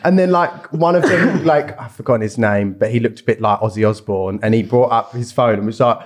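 A young man, co-hosting a podcast, excitable and laughing as he tells stories in silly voices. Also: mid-range voice, fairly quick. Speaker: podcast co-host. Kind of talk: casual chat.

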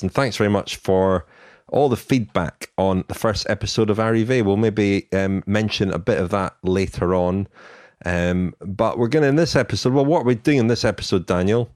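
A man hosts a cycling podcast in easy, joking conversation, often teasing his co-hosts. His voice sits on the low side. The sound is close and dry, with no room echo. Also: darkish tone. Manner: jokey, teasing, with restarts. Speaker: podcast host. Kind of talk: casual chat.

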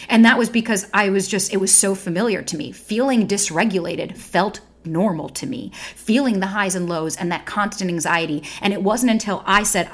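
A woman's voice: medium pitch, fast, hardly any pauses. A young adult woman hosting a podcast, talking candidly and bluntly, swearing freely and acting out inner voices. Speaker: podcast host. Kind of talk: candid solo podcast talk.

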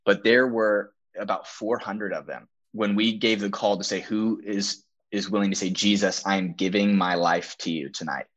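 A man's voice: on the low side, fairly even intonation, moderate pace, few pauses, fairly bright tone. A young man telling a story as a podcast guest, earnest and emphatic, acting out quoted dialogue. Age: young adult. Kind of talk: storytelling testimony. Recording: dull lo-fi audio.

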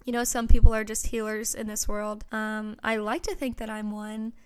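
Young woman, solo podcast host, chatty and gushing, slightly high and smooth voice, home mic. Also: fairly even intonation, normal speed. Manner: chatty, earnest and gushing, with frequent "you know". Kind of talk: casual solo podcast chat.

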